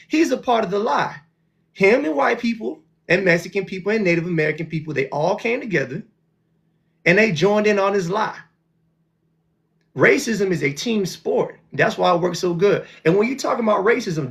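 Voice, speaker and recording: A man hosting a live call-in stream, arguing with callers in an animated way and often repeating and restarting his words. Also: sits high, creaky. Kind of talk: casual debate with callers.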